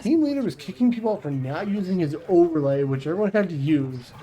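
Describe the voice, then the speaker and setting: A man's voice: on the high side, expressive, a little fast, hardly any pauses, dark tone, low-quality recording. Blunt, swearing male streamer. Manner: blunt, profane and rambling. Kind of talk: casual livestream chat.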